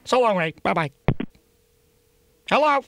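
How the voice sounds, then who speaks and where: A man's voice: high voice, lively intonation, measured pace, creaky, background noise. A man making a prank phone call, talking crudely and rambling, full of profanity and chuckles. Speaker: prank caller.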